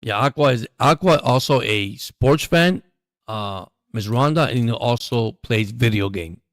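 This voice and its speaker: A man's voice: medium pitch, lively intonation, no room sound, clean studio sound. A man hosting a live sports stream, chatting casually and calling the plays as he watches. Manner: chatty, rambling, quick to laugh.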